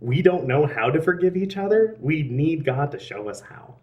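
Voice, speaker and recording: A man's voice: fairly high pitch, lively intonation, normal speed, darkish tone, distant mic, dull audio. A young man telling a personal faith story in a casual, earnest way, with frequent laughs and restarts. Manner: earnest, laughs often, many fillers and restarts. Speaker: interviewee.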